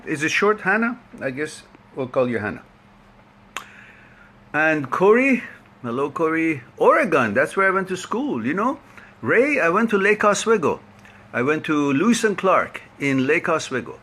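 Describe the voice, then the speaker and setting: A man's voice: a little high, sing-song, moderate pace, fairly bright tone, husky. A man hosting a live online talk, chatting and laughing as he greets viewers by name before starting his topic. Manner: chatty, laughs often, rambling.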